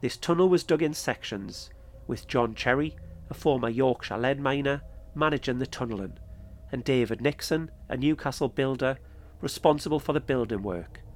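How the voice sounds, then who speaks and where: A man narrating his own podcast episode in a calm, measured storytelling manner. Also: mid-range voice. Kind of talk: scripted narration.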